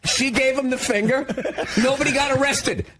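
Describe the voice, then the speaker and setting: A man's voice: very high voice, steady tone, moderate pace, noisy background. A man with an American accent, a guest on a radio show, talking in a sarcastic, mocking, worked-up way. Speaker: comedian guest.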